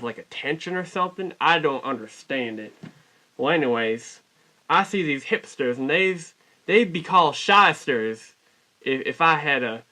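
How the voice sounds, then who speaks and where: A man telling a rambling, mock-folksy comic story in a put-on Southern US drawl, deadpan and constantly correcting himself. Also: on the high side. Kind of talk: deadpan comic character monologue.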